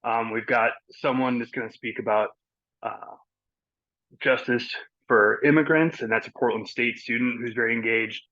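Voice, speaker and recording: A man's voice: mid-range voice, steady tone, normal speed. A man organizing an event, giving an upbeat, chatty update on a video call while a little out of breath. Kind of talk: casual meeting update. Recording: dull lo-fi call audio.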